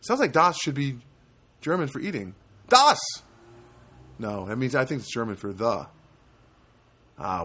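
A middle-aged man chats in a loose, meandering monologue. His voice sits at a middle pitch. He keeps correcting himself and drops in dry, self-mocking asides. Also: a bit bright. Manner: rambling, with many fillers and self-corrections. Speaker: vlogger. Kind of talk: rambling personal monologue.

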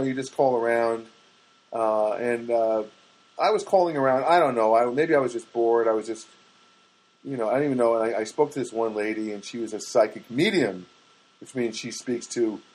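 A man's voice: medium pitch, darkish tone, rough recording. A man in his fifties rambling through comic stories with exasperation, acting out phone calls.

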